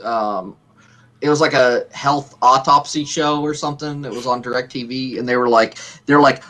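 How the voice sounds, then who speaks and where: A man's voice: medium pitch, normal speed, fairly bright tone. A man co-hosting a casual chat who rambles, repeats words and slips into playful impressions. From Pittsburgh area. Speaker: podcast co-host.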